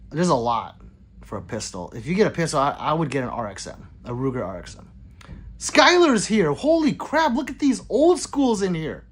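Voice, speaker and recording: This gun channel livestream host has a fairly high, slightly rough voice with huge pitch swings and a moderate pace. Casually reading viewer comments aloud, he rambles apologetically and mutters in between.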